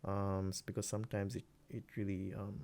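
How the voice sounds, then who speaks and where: A man producing music, walking through his own beat in a relaxed, rambling way, with many fillers and restarts. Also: lowish voice, a little fast. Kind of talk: casual screen-recorded tutorial.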